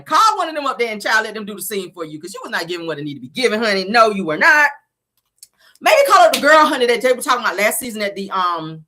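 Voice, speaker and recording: Here the woman recaps a reality show as sassy, casual gossip, frequently laughing and acting out what people said. Her voice is husky-edged yet bright and sharp, with pitch swinging widely.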